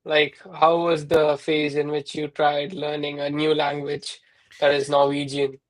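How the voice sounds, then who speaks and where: A man hosting a casual podcast. His voice is fairly high and his intonation stays flat. He asks his questions in a hesitant, rambling way. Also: unhurried, poor audio. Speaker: podcast host.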